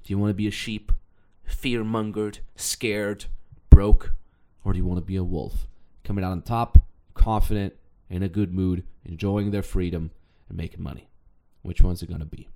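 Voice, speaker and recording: A young man with a fairly low voice delivers a pushy motivational podcast monologue. He talks bluntly, with energy, and hammers his main points again and again. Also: normal speed, hardly any pauses. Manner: pushy, blunt and energetic, repeating key phrases. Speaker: podcast host and online business coach.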